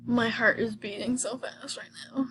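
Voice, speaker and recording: A young woman chatting casually over gameplay, excitable and often dropping into a whisper. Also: fairly high pitch, moderate pace, soft background music. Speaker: gaming video host.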